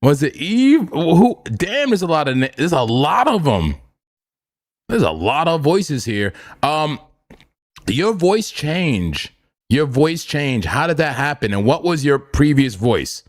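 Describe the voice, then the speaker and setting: Man, livestream host, casual chat, animated, joking, repeats himself. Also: fairly high pitch, takes it slowly. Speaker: crypto trading livestream host.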